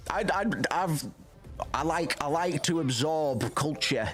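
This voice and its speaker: A man's voice: on the high side, takes it slowly, a bit bright, faint music behind. Rambling, sweary man in his thirties. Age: 30s. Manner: rambling and sweary, with frequent restarts. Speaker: streamer. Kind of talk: casual chat.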